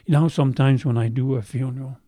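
A man's voice: mid-range voice, fairly even intonation, quick pace, dark tone, no room sound. A middle-aged male pastor preaching a sermon. He has a faint brogue-like sound left from a speech impediment, repeats phrases for emphasis and asks his listeners questions.

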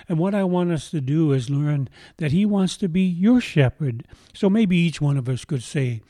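A man delivers a sermon in a warm, mellow voice pitched a little high. He tells stories gently and slows down to stress key lines. The sound is close and dry. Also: expressive, no room sound. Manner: slow deliberate emphasis on scripture, gentle storytelling. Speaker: pastor.

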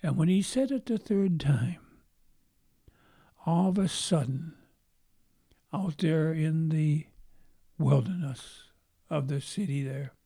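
A man preaching a storytelling sermon, acting out the voices in his story and sinking to hushed whispers at its saddest points. His voice is gravelly and mellow, and he takes his time with each phrase. The sound is dry and close. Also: a little high, takes it slowly, long pauses, no room sound. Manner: dramatic, acts out quotes, drops to whispers.

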